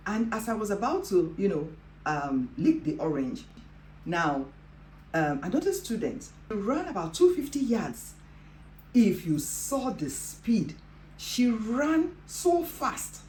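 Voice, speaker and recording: Low-voiced woman telling a testimony. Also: a little mellow, slight background noise. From Africa. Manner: earnest, peppered with "you know". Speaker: host of a Christian devotional show. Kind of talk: personal testimony storytelling. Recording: roomy with faint ambience.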